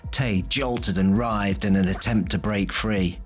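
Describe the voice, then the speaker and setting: A man narrating a fantasy audiobook in a measured, descriptive way. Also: lowish voice, fairly even intonation. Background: faint music.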